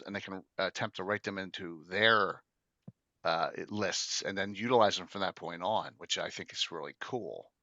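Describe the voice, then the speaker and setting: A man's voice: on the low side, bright, forceful tone, no room sound, highs cut off. A middle-aged man hosting a casual tabletop gaming chat, rambling with many fillers and restarts. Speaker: podcast host.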